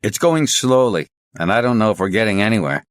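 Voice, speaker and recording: A man's voice: on the low side, animated, brisk, no room sound, clean studio sound, voice pushed up, lightly acted. A man voicing a weary middle-aged detective who speaks plainly and tiredly.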